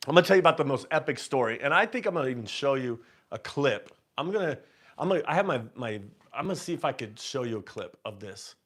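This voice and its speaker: A man hosting a live stream, telling a story casually and animatedly, with many restarts and laughs, acting out his own quoted lines louder and higher. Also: animated, quick pace. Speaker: host.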